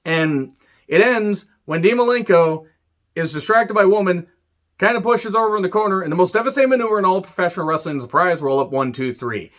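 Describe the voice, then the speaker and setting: A man's voice: medium pitch, muffled recording. Sarcastic man reviewing old wrestling. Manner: animated, swears freely, sarcastic asides. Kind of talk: casual retro review monologue.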